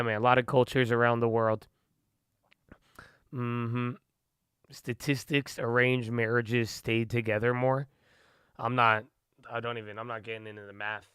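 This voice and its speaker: Guy streaming about stocks, rambly and chill, calls everyone bro, clean smooth voice, dry close sound. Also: medium pitch, pushed and bright, no room sound. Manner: rambling, loose, talks to chat with "bro" and "man". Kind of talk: casual livestream chat.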